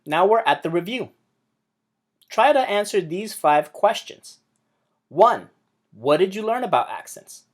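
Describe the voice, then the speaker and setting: A man's voice: sits high, big pitch swings, unhurried, long pauses. A man teaching a beginner Spanish lesson, patiently explaining rules and saying example words with wrong and right stress side by side.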